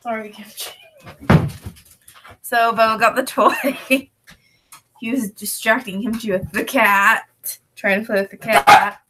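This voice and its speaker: A woman's voice: fairly high pitch, slow, pauses often, heavy background noise. A woman vlogging casually while she works on her reselling listings, rambling along and breaking off to talk to her pets. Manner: relaxed, rambling, talks to her pets in between. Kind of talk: casual chat while working. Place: at home with dogs and a cat around.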